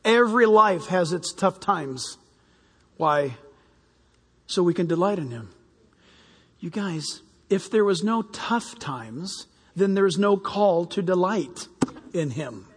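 An older man preaching a sermon to his church, animated and jokey, acting out little voices. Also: high voice, slow, long pauses, slightly rough. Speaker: pastor. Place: church hall. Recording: reverberant hall.

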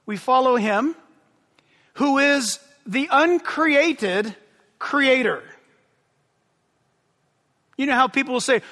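Pastor, male, impassioned sermon delivery, very high and bright voice, in a reverberant hall. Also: takes it slowly, pauses often. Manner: impassioned, yelling with excitement.

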